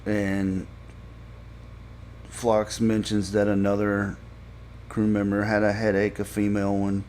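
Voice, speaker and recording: A man casually recapping a TV episode for a podcast, halting with frequent fillers and restarts. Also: lowish voice, completely flat delivery, a little mellow, slight background noise. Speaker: podcast reviewer.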